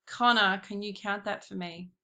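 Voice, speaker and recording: A woman giving a slow, patient classroom lesson, talking straight to her pupils. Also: mid-range voice, fairly even intonation, pushed and bright. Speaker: primary school teacher.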